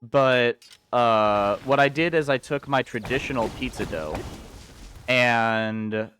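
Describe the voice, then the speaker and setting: A man streaming a video game, chatting and rambling casually with excitable outbursts. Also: mid-range voice, slow pace, slight background noise. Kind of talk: casual gameplay commentary.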